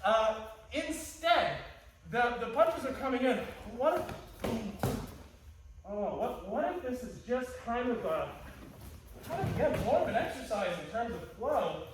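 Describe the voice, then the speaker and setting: High-voiced playful male instructor. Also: sing-song, a little slow, background noise. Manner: playful, joking, restarts often. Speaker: martial arts instructor. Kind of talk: teaching a class. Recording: echoey hall, distant mic.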